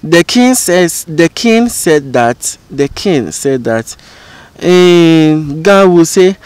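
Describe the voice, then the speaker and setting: A man teaching an informal lesson as a channel host, explaining slowly and repeating example phrases. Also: on the high side, lively intonation, darkish tone, clear, resonant tone, dry recording. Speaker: language educator and channel host.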